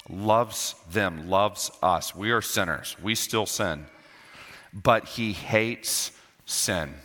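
A male pastor preaching with a lower pitch and a bright, forceful edge. He hammers key phrases by repeating them and drops from loud to low for weight. The sound trails off in the long reverb of a church hall. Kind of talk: sermon. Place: church sanctuary.

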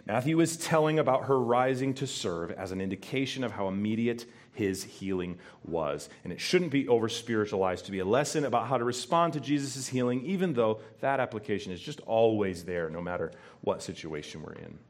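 A man preaching a sermon as pastor to his congregation, emphatic and animated, often asking them questions. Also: fairly low pitch, brisk, hardly any pauses. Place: church before a congregation.

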